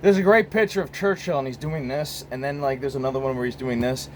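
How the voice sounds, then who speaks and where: A man's voice: mid-range voice, fast talker, slight background noise, rough recording. An American man hosting his own casual vlog, rambling and profane, filmed on a phone. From United States. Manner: rambling, profane, many restarts. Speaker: host.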